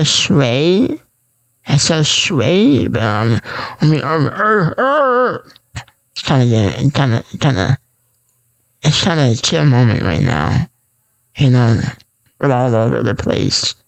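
A man's voice: medium pitch, very animated, slow pace, vocal fry, long pauses. A man hosting a raw, unscripted solo podcast, rambling and repeating himself with lots of fillers and restarts. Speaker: podcast host.

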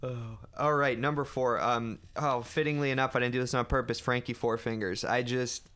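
A man co-hosting a podcast, talking in a relaxed, enthusiastic way. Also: medium pitch, moderate pace. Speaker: podcast co-host. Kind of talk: casual chat.

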